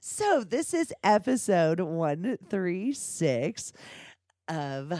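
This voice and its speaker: A woman's voice: fairly low pitch, big pitch swings, drawn-out words, dark tone, dry recording, studio quality. A woman hosting a podcast, telling frank, bawdy stories in a crude casual chat and laughing often. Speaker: podcast host.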